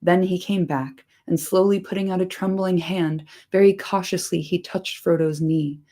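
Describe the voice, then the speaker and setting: A woman's voice: on the low side, fairly even intonation, moderate pace, warm tone. A woman reading a story aloud expressively, dropping in irreverent casual asides. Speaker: reader.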